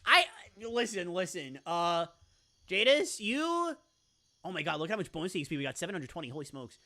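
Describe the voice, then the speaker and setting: Woman streamer, bubbly, playful, bright voice, animated pitch, faint music behind. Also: fast. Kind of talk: casual live game commentary.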